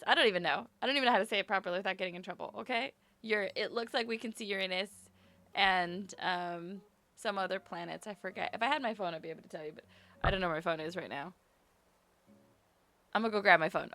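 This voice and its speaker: A young woman streamer chatting casually and apologetically with her viewers from her bedroom at home, rambling from topic to topic in a brisk work voice. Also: mid-range voice, bright, forceful tone. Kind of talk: casual live-stream chat.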